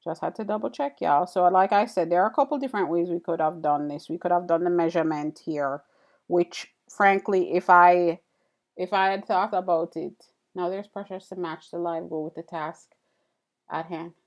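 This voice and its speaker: A woman with a fairly low voice and moderate pace live-streams casually, rambling and thanking her chat between drawing steps. She's chatty, with many fillers and restarts.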